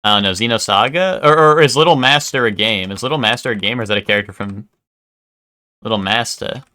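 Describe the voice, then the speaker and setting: A man's voice: medium pitch, quick pace, sharp tone. A man live-streaming, chatting casually with his viewers in a rambling way, full of "like" and "um" and casual swearing.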